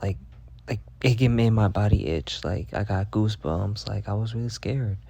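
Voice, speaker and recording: A young man telling a rambling, profane story in a casual monologue, packed with filler words and deadpan bragging. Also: fairly low pitch, moderate pace, creaky, slightly rough. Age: young adult. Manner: rambling, heavy on "like" fillers and swearing. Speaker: vlogger.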